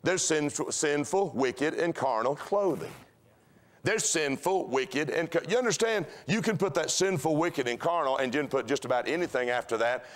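A pastor's sermon rings through the church sanctuary at a moderate pace, his slightly high voice full of lively intonation. His preaching is homespun and narrative, built around recurring rhythmic lines.

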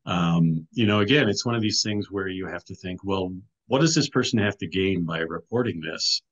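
Middle-aged guy, kinda low voice, chatty storytelling w lots of "you know"s. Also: normal speed, a bit bright, lo-fi sound. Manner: conversational, many restarts and "you know". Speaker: podcast guest, author and filmmaker. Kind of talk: casual interview storytelling.

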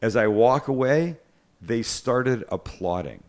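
A man's voice: medium pitch, animated, slow pace. A middle-aged man hosting a cooking show, telling stories in casual chat. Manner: chatty storyteller, self-deprecating.

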